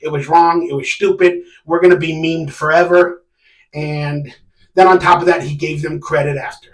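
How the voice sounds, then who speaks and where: A man's voice: fairly high pitch, fairly even intonation, moderate pace, a bit bright, distant mic. A man hosting a sports fan live stream, ranting casually and animatedly with sarcastic, exasperated outbursts. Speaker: sports fan channel host. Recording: echoey room, a bit off mic.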